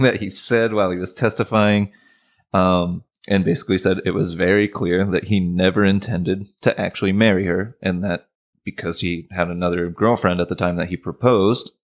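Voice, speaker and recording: Deep-voiced laid-back man. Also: moderate pace. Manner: laid-back, laughs often while recounting cases. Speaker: podcast co-host. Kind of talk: casual chat.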